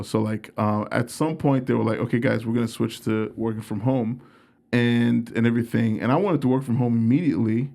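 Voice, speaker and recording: A man's voice: medium pitch, creaky, a little mellow. Young male comedian guest, casual storyteller, profane and self-mocking.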